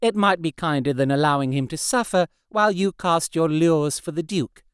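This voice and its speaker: A man voicing a dry, sharp-tongued young woman in an audiobook. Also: on the high side, normal speed, clean tone, dry recording, voice pushed up, lightly acted. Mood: wry. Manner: dry, sardonic.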